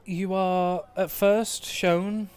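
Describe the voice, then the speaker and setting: A man's voice: high-pitched, flat delivery, extremely slow, darkish tone, clean tone. A man running a tabletop game as game master over an online call, describing scenes in detail, laughing readily and swearing casually.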